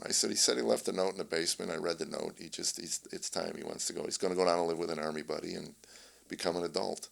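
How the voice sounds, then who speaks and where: A low-voiced older man with a gravelly texture spins family stories as a comedian guest in a casual interview. He is animated, switching into the voices of the people in his stories. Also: fast. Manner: animated storyteller, acts out family dialogue.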